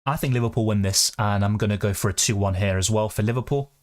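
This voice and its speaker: Chatty man hosting a live stream. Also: lowish voice. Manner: quick, chatty, reads out viewer comments. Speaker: fantasy football streamer.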